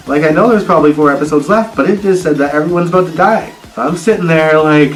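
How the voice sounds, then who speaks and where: A man's voice: a little high, quick pace, hardly any pauses, faint music behind. A man chatting casually and expressively as he reviews a TV episode, with some swearing. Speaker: TV review vlogger.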